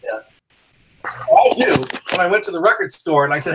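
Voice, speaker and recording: Podcast host, American man, slightly higher voice, chatty and joking. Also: expressive, fairly quick, noisy background. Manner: chatty, joking, laughs often. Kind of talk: casual chat.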